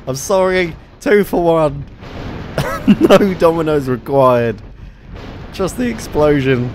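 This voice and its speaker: Giggly excitable gaming commentator man. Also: fairly high pitch, takes it slowly, long pauses, a little hiss or hum. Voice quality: giggly, frequent laughter and exclamations. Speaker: gaming YouTuber.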